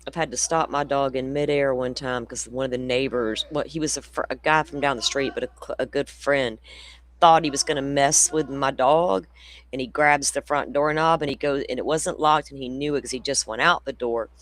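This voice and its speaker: A man's voice: medium pitch, fairly even intonation, normal speed, a bit bright. A man hosting a casual true crime livestream, rambling through stories, laughing often and swearing freely. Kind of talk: casual chat with viewers.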